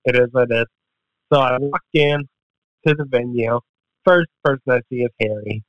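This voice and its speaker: Speaking at normal speed in a mid-range voice with no echo, the MMA fighter rambles profanely through a casual story as a podcast guest, performing the quoted lines. The podcast audio is dull and dry.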